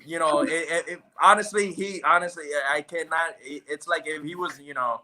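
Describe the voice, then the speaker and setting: In a casual podcast chat, a male guest with a fairly high voice tells a story at a moderate pace. He's an animated storyteller, acting out plenty of quotes along the way.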